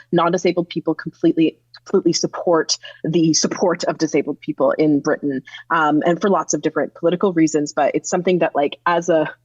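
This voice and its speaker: A woman from Canada speaking on a panel, earnest and explanatory, with halting restarts. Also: deep voice, darkish tone, slightly rough, no room sound. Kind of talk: panel discussion. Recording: slightly muffled dry recording.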